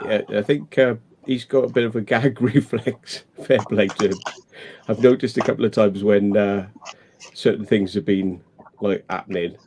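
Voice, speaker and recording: Bloke ranting on a livestream, low mellow voice, swears a lot. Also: male voice, fairly even intonation, normal speed, a little hiss or hum. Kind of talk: casual chat on a live stream.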